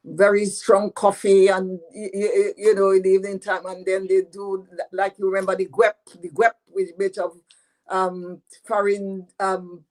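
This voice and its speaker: A woman in her eighties with a Dominican French patois accent, telling her own story as an author guest, slow and full of "you know" fillers. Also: mid-range voice, level tone, darkish tone, rough recording. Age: 80s. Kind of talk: interview answers.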